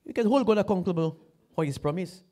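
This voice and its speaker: High, lively preacher man. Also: quick pace. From Dominica. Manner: repeats phrases, builds to loud exclamations. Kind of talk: sermon.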